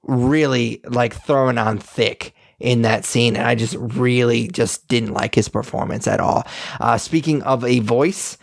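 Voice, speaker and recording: Gravelly young man ranting on a podcast. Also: mid-range voice, a little slow, no room sound, clean studio sound. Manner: rambling, blunt, animated opinions. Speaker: podcast co-host. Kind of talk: casual review chat.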